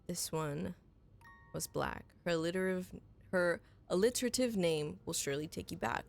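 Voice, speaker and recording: A woman's voice: lowish voice, lively intonation, fairly quick, creaky, faint music behind. A woman streaming a story game, reading in-game letters aloud and breaking off for blunt, swearing reactions. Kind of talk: casual gameplay commentary.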